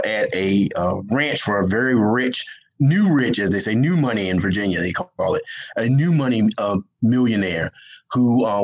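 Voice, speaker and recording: A man's voice: lowish voice, rough recording. A man with a Southern US accent, a guest writer telling a rambling story on a casual interview, laughing often and restarting his sentences.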